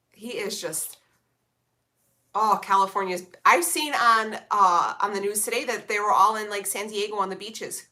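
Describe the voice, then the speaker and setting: Bright-voiced sassy young woman vlogger. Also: medium pitch, normal speed. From Illinois, USA. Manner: sassy, blunt, lots of slang and swearing. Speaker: vlogger reading live chat. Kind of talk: casual live-stream chat.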